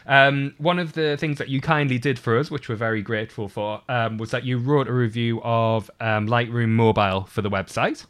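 A man's voice: mid-range voice, fairly even intonation, normal speed, hardly any pauses, fairly bright tone, smooth. A man hosting a podcast, playful and teasing, with lots of fillers and frequent laughter. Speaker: podcast host. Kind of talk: casual podcast chat.

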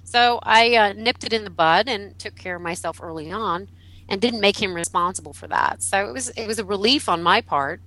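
A middle-aged woman guest who teaches about relationships, telling a personal story in an animated way, laughing and acting out what people said. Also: medium pitch, normal speed, poor audio. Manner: animated, laughing, acts out quotes. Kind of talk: storytelling in a podcast interview.

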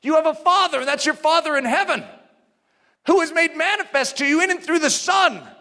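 Male preacher, animated and emphatic, sharp bright tone, long hall reverb. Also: very high voice, a little fast. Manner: animated, emphatic, conversational teaching. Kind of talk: sermon.

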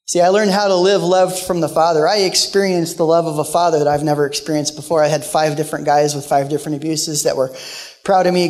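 Male guest preacher, emotional storyteller, voice sits a touch high, reverb from a big hall. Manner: storytelling, emotional, shifts between loud and hushed. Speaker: guest speaker. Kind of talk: sermon.

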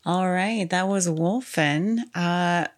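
A chatty woman co-hosting a casual movie podcast. Her voice sits a little low for a woman, and she talks playfully with quick asides. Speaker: podcast co-host. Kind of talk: casual film-trailer review chat.

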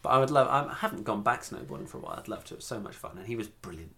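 An English man co-hosting a casual podcast chat, rambling and quick to laugh. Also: medium pitch, expressive, creaky, a bit bright. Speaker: podcast co-host.

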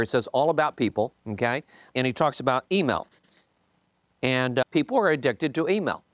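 A man in his fifties talks through a book with his team, emphatic and animated. His voice sits a bit high and swoops widely as he stresses points. The sound is dry and close. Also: no room sound. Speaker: company owner leading a team meeting. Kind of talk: casual book commentary to a team.

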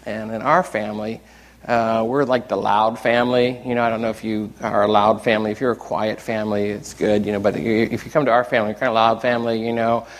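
An older man preaching a sermon as a pastor, in a relaxed, conversational way with many asides. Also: lowish voice, quick pace. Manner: conversational, animated storytelling with acted quotes.

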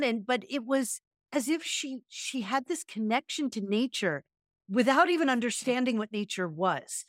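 A woman's voice: sits high, moderate pace, dry recording, studio quality. A woman co-hosting a podcast, chatting casually and telling stories expressively. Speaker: podcast co-host, yoga and meditation teacher.

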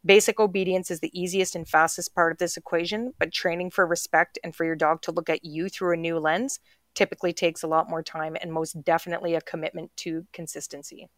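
A woman's voice: on the low side, level tone, a little fast, fairly bright tone, no room sound. A middle-aged woman chatting casually as a podcast host, full of fillers and little acted-out quotes. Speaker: podcast host talking dog training. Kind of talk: casual chat.

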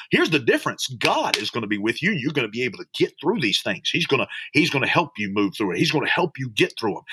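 A man, a pastor preaching on a podcast in an animated, repetitive style. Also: fairly high pitch, slightly rough, no room sound. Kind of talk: podcast sermon.

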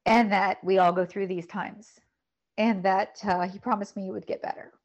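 A middle-aged woman telling a painful personal story in a podcast conversation, emotional and halting, often repeating words. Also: mid-range voice, steady tone, dull audio. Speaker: podcast guest.

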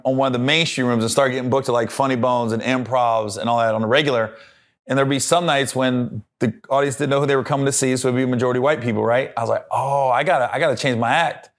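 A comedian telling stories in casual podcast chat, acting out voices and laughing as he goes. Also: mid-range voice. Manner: animated storyteller, acts out voices and laughs. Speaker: comedian guest.

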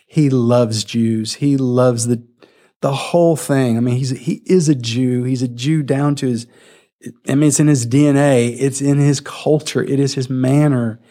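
A man's voice: medium pitch, measured pace. Male preacher, mid-range voice, vivid storyteller retelling scripture. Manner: animated storytelling, acting out the scene. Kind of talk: sermon.

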